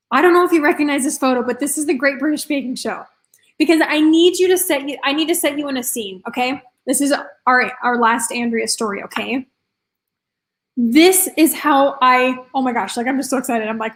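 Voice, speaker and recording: A woman's voice: high voice, normal speed, fairly bright tone. A woman health and confidence coach giving an enthusiastic live online presentation, telling a story and speaking straight to her audience.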